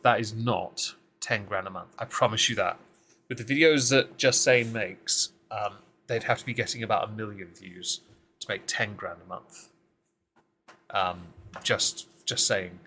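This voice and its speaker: A man's voice: on the low side, a little slow, pushed and bright, slight background noise. Dry, sarcastic man on a stream. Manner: dry, sarcastic asides and frequent ums. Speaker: commentary streamer. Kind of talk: casual live-stream commentary.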